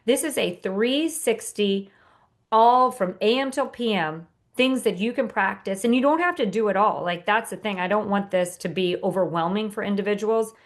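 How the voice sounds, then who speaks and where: A woman guest on a podcast, speaking about her own ideas in an earnest, motivational way. She talks at a middle pitch and often restarts her sentences with small fillers. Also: normal speed. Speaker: author and guest. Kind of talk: podcast interview.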